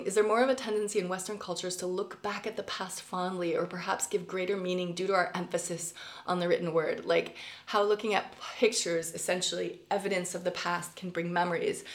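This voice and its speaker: A woman's voice: mid-range voice, reverberant. A middle-aged woman professor talking her students through a recorded lecture, conversational and thoughtful, with many fillers and restarts. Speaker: college professor.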